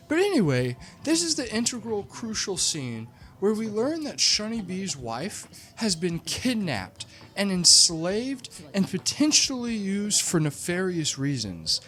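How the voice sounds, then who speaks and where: A comedic movie reviewer tells a film's plot with sarcastic, animated storytelling and lots of "like" fillers. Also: medium pitch, unhurried, hardly any pauses. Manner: frequent "like" fillers.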